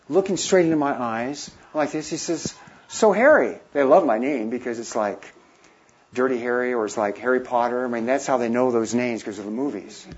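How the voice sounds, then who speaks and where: A missionary in his fifties tells an animated anecdote, acting out the voices of the people in it. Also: mid-range voice, slightly rough, muffled recording. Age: 50s. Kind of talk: storytelling talk.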